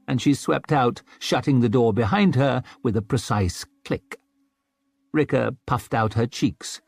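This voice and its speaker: A man narrating an audiobook in an expressive storytelling manner. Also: mid-range voice, a little slow, gravelly, husky, no echo. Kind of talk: scripted narration.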